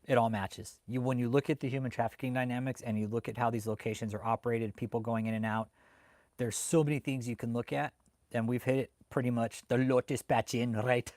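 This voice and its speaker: A man hosting a livestream who rants heatedly, swears often and bursts out loudly as he talks to his chat. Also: medium pitch, little pitch movement, fairly quick, no echo, studio quality. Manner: heated and swearing, with loud outbursts. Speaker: livestream host reading chat. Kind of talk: profane ranting live commentary.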